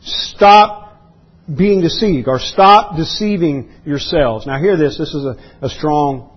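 A man preaching an expository sermon as pastor, emphatic, often clearing his throat and repeating words. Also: a little high, measured pace, highs cut off. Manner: emphatic preaching that rises into voiced outbursts.

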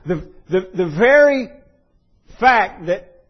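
A man preaching a sermon in an earnest way, rising to loud pleading when he voices quotes. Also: on the high side, lively intonation, a little slow, husky, highs cut off. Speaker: pastor.

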